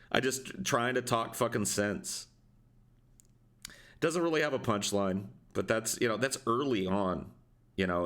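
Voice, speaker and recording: Low-voiced man telling a crude story. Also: a bit bright. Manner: profane, rambling, laughs often. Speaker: podcast co-host. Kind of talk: casual storytelling.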